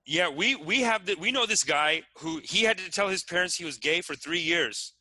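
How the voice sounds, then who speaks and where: A man's voice: high voice, lively intonation, moderate pace, bright, forceful tone, rough recording. A man co-hosting a casual podcast chat, telling stories with laughs and stumbling restarts. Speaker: podcast co-host.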